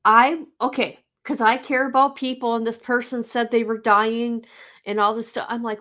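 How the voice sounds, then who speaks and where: A woman's voice: a little high, level tone, moderate pace, pushed and bright. An older woman hosting a casual livestream, talking bluntly with exasperation, stammering and breaking into laughter. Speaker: livestream host.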